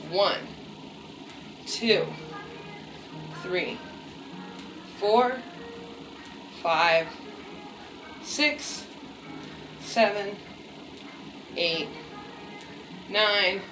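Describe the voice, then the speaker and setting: A woman's voice: mid-range voice, very slow, pauses often. A woman giving a casual, chatty workout demonstration with many fillers and self-deprecating asides. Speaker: fitness vlogger. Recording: echoey room, mic at a distance, faint music.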